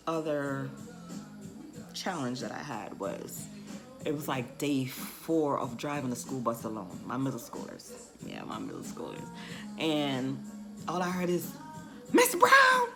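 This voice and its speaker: Lively chatty woman bus driver. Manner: animated, acts out kids' voices in high shrieks; chatty, fills with "you know". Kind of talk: casual storytelling vlog.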